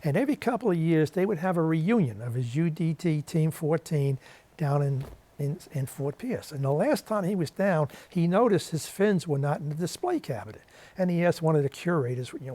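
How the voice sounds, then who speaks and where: A man's voice: fairly high pitch, brisk, warm tone. A man with a New York accent, a guest on a TV interview show, telling a story and acting out the voices of the people in it. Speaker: guest, interviewer of war veterans. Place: TV studio.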